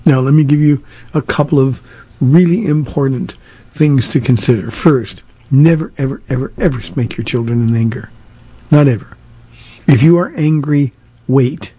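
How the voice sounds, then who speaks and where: A man's voice: fairly high pitch, normal speed, mellow, husky. An older man, a pastor, answering listener questions on a radio show in a plainspoken way, with frequent "uh"s and repeated words. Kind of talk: radio Q&A sermon.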